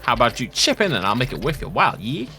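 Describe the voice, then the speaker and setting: A man's voice: mid-range voice, huge pitch swings, fast, bright, forceful tone, soft background music, heavily acted. A man voicing a pushy, shady male dealer character in a raised, brash voice. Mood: wheedling.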